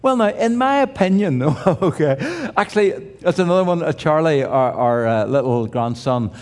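A man's voice: on the high side, lively intonation, moderate pace, darkish tone. An older man preaching a sermon in a conversational way, with restarts and humorous asides. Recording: reverberant hall.

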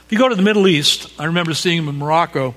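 A man preaching an expository sermon, animated and conversational, checking in with his listeners as he reads and explains scripture. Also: fairly high pitch, rapid-fire. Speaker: pastor. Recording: long hall reverb.

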